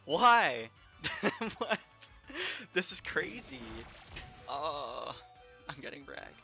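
Male streamer, overexcited, unhurried but exclaiming, crisp bright tone. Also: medium pitch. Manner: excitable, exclaiming and laughing, then apologetic rambling. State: overexcited, shaking. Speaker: game streamer. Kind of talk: live gaming stream commentary. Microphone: desk microphone, audio clipping.

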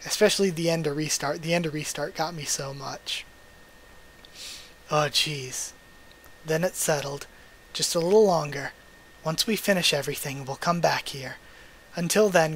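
A man's voice: on the high side, moderate pace, long pauses, fairly bright tone, husky, low-quality recording. A man hosting a manga readthrough, reading the dialogue aloud and breaking off for emotional, chatty asides.

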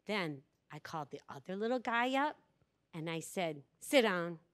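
A woman's voice: lowish voice, normal speed. A woman giving a conference workshop talk to an audience, telling stories and acting out the quoted lines of people in them. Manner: animated storyteller, acts out quoted dialogue. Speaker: workshop speaker. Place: conference room before an audience.

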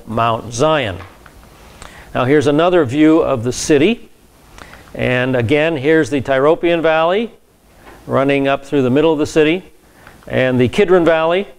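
A man's voice: mid-range voice, gravelly, clean tone. A man, a pastor, teaching a Bible class in a conversational lecture style, with frequent fillers and repeated words.

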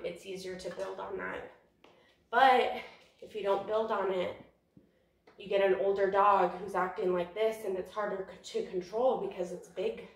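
A young woman dog trainer, out of breath, giving a chatty, rambling training lesson. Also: medium pitch. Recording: echoey room from far off.

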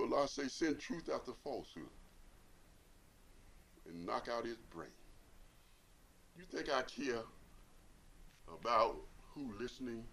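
A man's voice: medium pitch, a little hiss or hum. A man giving a Friday sermon as imam, repeating lines emphatically and asking rhetorical questions. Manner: swings between hushed and loud, rising to forceful.

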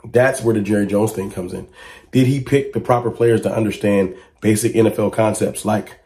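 Emphatic man with a dark, low voice. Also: moderate pace. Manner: emphatic, full of rhetorical questions; rises to excited high-pitched exclamations when reacting to clips. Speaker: sports fan commentator. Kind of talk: casual fan commentary to camera.

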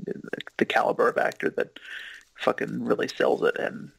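Gravelly man rambling through a commentary. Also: mid-range voice, level tone, moderate pace, fairly bright tone, dry recording, low-quality recording. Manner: rambling, filler-heavy, swears casually. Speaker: commentary co-host. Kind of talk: casual movie commentary chat.

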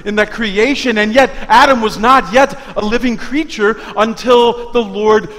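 A man preaching a sermon as pastor, emphatic, with rhetorical questions and dramatic pauses. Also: sits high, fairly bright tone. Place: church sanctuary. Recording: long church reverb.

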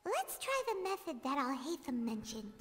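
A woman's voice: high-pitched, big pitch swings, normal speed, big-room sound. A woman voicing a tiny, chatty, fairy-like female companion in a video game who talks about herself in the third person. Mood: chirpy.

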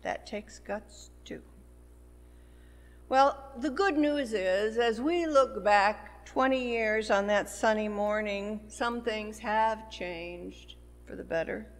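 Woman minister, sermon delivery, unhurried, in a sanctuary with long reverb. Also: medium pitch. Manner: slow, measured preaching with rising emphasis. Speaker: pastor. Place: church sanctuary. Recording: long church hall reverb.

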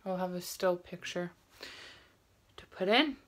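A young woman, talking excitedly and gushingly to the camera in a casual vlog, repeating herself as she goes. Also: on the low side, measured pace. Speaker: vlogger.

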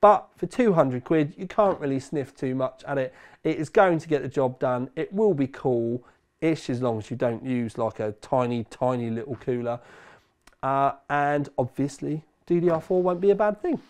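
A middle-aged British man talks through a tech review in a loose, chatty way, correcting himself as he goes. His voice sits in an ordinary middle range and carries a slight hoarseness from a lingering illness. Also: medium pitch, normal speed. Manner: conversational, rambling with self-corrections. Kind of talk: casual review chat.

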